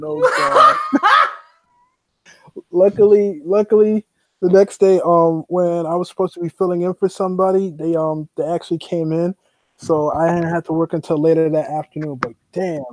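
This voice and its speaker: High-voiced man laughing through stories. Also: moderate pace, rough recording. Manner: laughing, animated anecdotes. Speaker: guest co-host. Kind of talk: casual live-stream chat.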